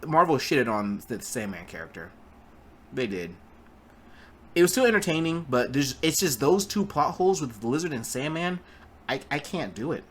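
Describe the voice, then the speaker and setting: A man with a husky, breathy voice talks through a casual film review at a middle pitch. He rambles, stumbles over his own words, and speaks bluntly, with profanity. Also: big pitch swings, moderate pace, a bit bright. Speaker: movie reviewer.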